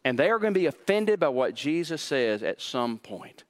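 A man pastor preaching a sermon, animated and acting out quoted voices, often repeating words for emphasis. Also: moderate pace. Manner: animated, acts out quoted voices with rising pitch; repeats words when stressing a point.

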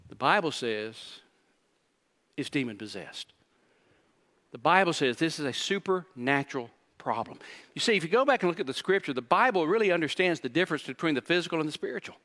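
A man's voice: mid-range voice, animated, a little fast, long pauses, fairly bright tone. A man preaching a sermon as pastor, emphatic and building intensity, repeating key phrases for weight. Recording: reverberant hall.

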